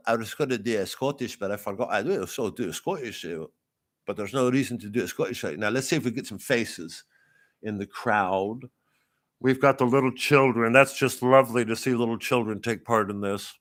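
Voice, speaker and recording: Rambling deadpan mock-royal commentator. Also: male voice, lowish voice, moderate pace. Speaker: comedian in character as a royal correspondent. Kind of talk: improvised satirical live commentary.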